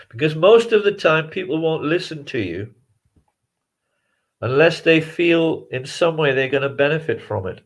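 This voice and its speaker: A man, a filmmaker guest giving long reflective interview answers with frequent restarts and chuckles. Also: on the high side. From England. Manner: reflective, rambling, chuckles often, many restarts.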